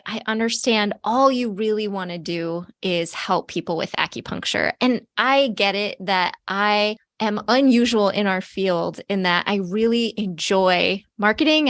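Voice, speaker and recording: A woman hosting a podcast interview and explaining her views at a thoughtful, measured pace. Her voice sits in a middle range and is recorded close and dry, with no room sound. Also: mid-range voice, fairly bright tone, dry recording. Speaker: podcast host, marketing teacher.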